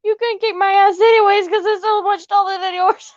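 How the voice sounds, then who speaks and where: Chatting live to viewers from home, close to her mother's room, this woman swears freely, repeats "Lord have mercy," and bursts into belly laughs between phrases. She speaks briskly in an extremely high voice with fairly even intonation, and the dull lo-fi audio has no room sound.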